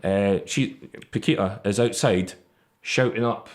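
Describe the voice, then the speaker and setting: A man's voice: fairly low pitch, unhurried. A man with a Scottish accent co-hosting a casual film review podcast, joking and laughing as he talks. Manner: jokey, laughs at his own lines. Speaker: podcast co-host.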